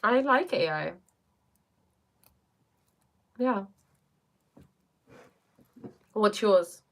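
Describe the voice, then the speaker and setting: A woman life coach in casual livestream chat, talking fast and thinking aloud as she answers viewers. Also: mid-range voice, lively intonation.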